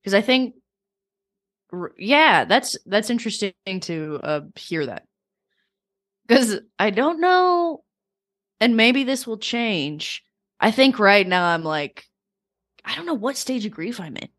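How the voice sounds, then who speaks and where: A woman talking casually on a podcast, telling personal stories in a reflective, animated way with many fillers. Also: mid-range voice, takes it slowly, long pauses, no echo, studio quality. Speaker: guest.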